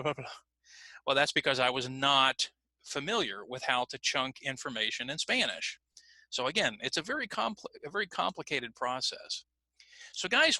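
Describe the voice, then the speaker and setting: American guy teaching english over a video call, slows down on examples, super dry close mic. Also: fairly high pitch, bright, forceful tone, dry recording, rough recording. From United States. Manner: slow deliberate emphasis on examples. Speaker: ESL teacher. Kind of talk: online lesson explanation.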